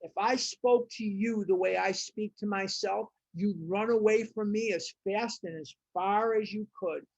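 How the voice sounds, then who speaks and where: A woman's voice: medium pitch, unhurried, gravelly, few pauses, no room sound. A woman leading a recovery study group, reading passages aloud and commenting on them with emphatic, repeated phrases. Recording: dull, muffled audio.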